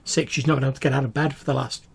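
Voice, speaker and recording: A man's voice: mid-range voice, fairly even intonation, racing, vocal fry, slight background noise, voice pushed up, lightly acted. A man voicing a frightened young village girl pleading for help for her sick mother, her voice quavering. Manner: pleading, voice quavering on the edge of breaking.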